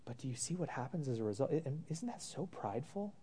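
A man preaching in a warm, mellow voice at a middle pitch. He reads scripture and then turns to his listeners with repeated rhetorical questions. He calls them brothers and sisters and drops in casual asides. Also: big pitch swings, fast talker, breathy edge. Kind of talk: sermon.

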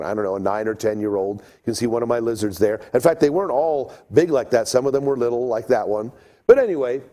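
Middle-aged male storyteller, relaxed warm tone, playful and animated, slips into little voices. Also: mid-range voice. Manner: animated, acts out voices and sounds. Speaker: speaker telling a childhood story. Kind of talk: storytelling talk to an audience.

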